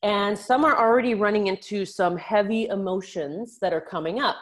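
A woman life coach talking on her own podcast, frank and encouraging, who swears casually and calls her listeners out as a tough-love coach. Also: normal speed. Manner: frank, swears casually, animated shifts in pitch. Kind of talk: solo podcast coaching talk.

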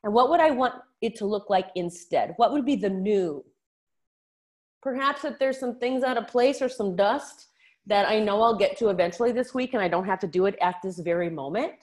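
A woman life coach talking on her own podcast, frank and encouraging, who swears casually and calls her listeners out as a tough-love coach. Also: normal speed. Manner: frank, swears casually, animated shifts in pitch. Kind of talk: solo podcast coaching talk.

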